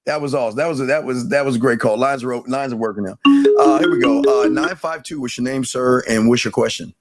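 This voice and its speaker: A man's voice: mid-range voice, quick pace, soft background music. A man hosting a live call-in show, quizzing callers and cutting them off when they ramble. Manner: bossy, impatient with callers.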